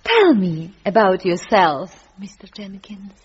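A woman's voice: medium pitch, big pitch swings, slow, very noisy. A woman voicing a tall, scheming, glamorous woman, talking in a sly, arch way. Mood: flirting. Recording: dull lo-fi sound.

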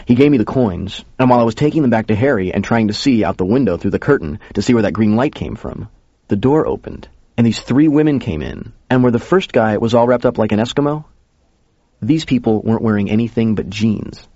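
A man's voice: on the low side, expressive, a little fast, dark tone, dry recording. A man narrating a first-person story in a casual, conversational way. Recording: dull lo-fi recording.

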